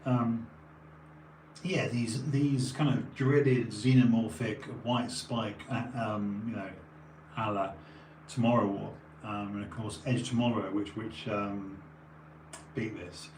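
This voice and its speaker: A man's voice: on the low side, fairly even intonation, slow pace, a little mellow. A man rambling casually on a stream, tired and sniffly, full of digressions and restarts. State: runny nose, tired. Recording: echoey room, faint background noise.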